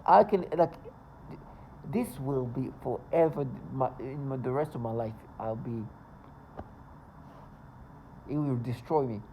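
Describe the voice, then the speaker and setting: A man with a gravelly, dark voice rambles on in a casual vlog monologue. He sounds agitated, stumbling and restarting his sentences. A faint hiss sits under his voice. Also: mid-range voice, takes it slowly, pauses often, poor audio. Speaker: vlogger.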